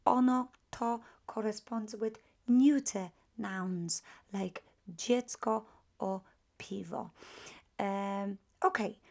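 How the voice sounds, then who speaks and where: A woman teaching a grammar lesson, patient and methodical, repeating practice phrases slowly and with emphasis. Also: mid-range voice, creaky, a little mellow. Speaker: language teacher. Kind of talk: grammar lesson with spoken drills.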